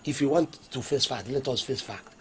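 A man's voice: medium pitch, fairly quick, slight background noise, close to an everyday voice. A middle-aged man with a Nigerian accent playing a stingy, evasive father who wheedles and dodges. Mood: defensive.

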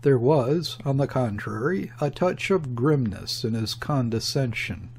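A male audiobook narrator reads a classic novel in a measured, deliberate way. His pace is very slow and his voice has a husky texture. His pitch sits at an ordinary middle level. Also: animated, darkish tone. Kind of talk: scripted narration.

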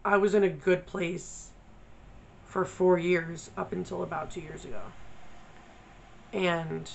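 A woman's voice: fairly low pitch, level tone, slow, gravelly, slight background noise, low-quality recording. A woman vlogger talking candidly, blunt and profane, venting her frustration. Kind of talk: candid personal vlog.

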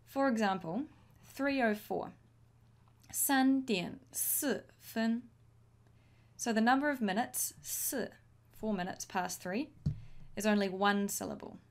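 A woman teaching a language lesson, modelling each phrase slowly and clearly for learners to repeat. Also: mid-range voice. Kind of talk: slow, deliberate language lesson.

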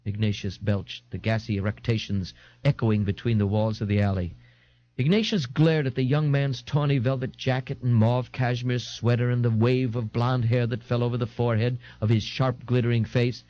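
A man narrating an audiobook in a wry, lively storytelling manner, close to the microphone. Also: medium pitch, moderate pace, no room sound. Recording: dull, dry 1989 tape recording.

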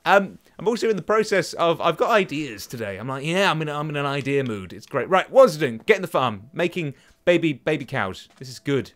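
A man's voice: a little high, very animated, fairly quick. A young man hosting a let's play from home, rambling to himself and taunting enemies as he plays. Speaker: gaming channel host. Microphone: desk microphone.

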